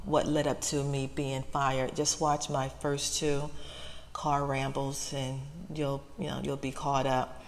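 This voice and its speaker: Woman, low gravelly voice, halting soft ramble, close to tears, in a parked car, long reverb. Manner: halting, repeats herself, many fillers. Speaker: ASMR channel host.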